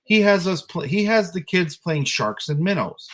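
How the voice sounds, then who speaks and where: An animated man tells a story in a relaxed podcast chat. His voice swings widely up and down as he rants with exasperation. A faint hiss of noise sits behind him. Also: high-pitched, moderate pace. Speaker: podcast co-host, youth flag football coach.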